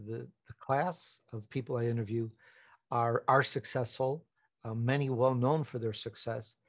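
A man talking as a guest on a podcast interview, emphatic and repetitive, rising to animated peaks. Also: medium pitch.

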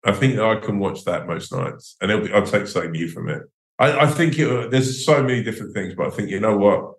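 A man with a low voice chats as a podcast guest, playful and quick to laugh along. The sound carries a roomy echo. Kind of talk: casual comedic chat.

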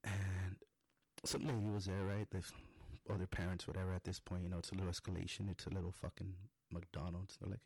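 A man's voice: sits low, little pitch movement, quick pace, gravelly, darkish tone, breathy edge, no echo. A man, a father, telling a rambling story full of swearing and acted-out quotes as a comedy monologue. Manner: rambling, heavy swearing, acts out quoted lines.

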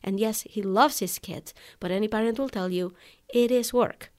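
With a medium pitch and a somewhat dark tone, a woman who hosts a podcast for online coaches speaks at a moderate pace. She tells her listeners a personal story in a relaxed, conversational way, frequently tossing in "right?" and "you know."

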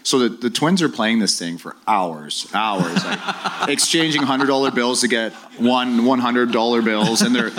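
A man's voice: mid-range voice, a little slow, noisy background. A middle-aged man, a former hockey player, telling stories on a live podcast stage and acting out his old teammates. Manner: animated storyteller, acts out voices of teammates.

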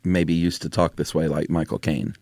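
A man with a deep, low voice chats as a podcast co-host. He is laid-back and teasing, and he laughs a lot. The recording is dry and close, with no room sound. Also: little pitch movement, normal speed, darkish tone, dry recording. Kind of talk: casual chat.

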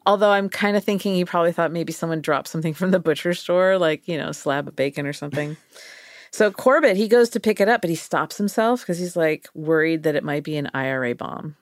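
A woman co-hosting a podcast, telling a comedic story in an animated, jokey way. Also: low-pitched, brisk, dry recording, clean studio sound. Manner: animated, jokey, slips into silly voices. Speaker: podcast co-host.

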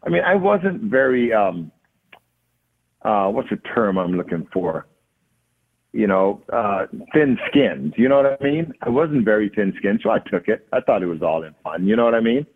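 A man's voice: on the low side, normal speed, slightly rough. Jamaican-accented man on a tinny phone line. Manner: relaxed storytelling with many fillers. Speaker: guest. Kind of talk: casual interview.

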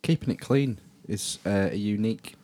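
A man's voice: on the low side, moderate pace, mellow. A middle-aged English man hosting a podcast, chatting casually and telling stories with lots of swearing and laughter. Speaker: podcast host. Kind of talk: casual chat.

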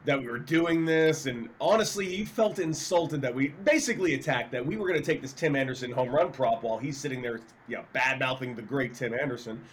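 A man co-hosting a sports talk show, telling a story in an animated, mocking way. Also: medium pitch, fairly quick, few pauses, a little hiss or hum, poor audio. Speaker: co-host.

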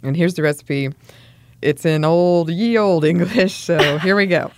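A woman's voice: on the low side, measured pace, no echo. A woman co-hosting a casual podcast chat, playful and laughing as she reads out old recipes. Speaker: podcast co-host.

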